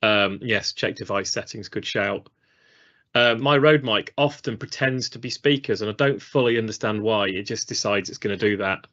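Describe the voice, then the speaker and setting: A man's voice: lowish voice, moderate pace, fairly bright tone. Chatty rambling male stream host. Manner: rambling, chatty, self-deprecating. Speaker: co-host of a live training stream. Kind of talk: casual live-stream chat. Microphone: studio mic on a video call. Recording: slightly dull lo-fi stream audio.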